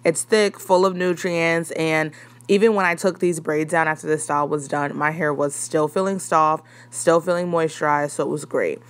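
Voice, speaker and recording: A young woman casually narrating a hair tutorial, chatty and relaxed with frequent ums. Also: low-pitched, moderate pace.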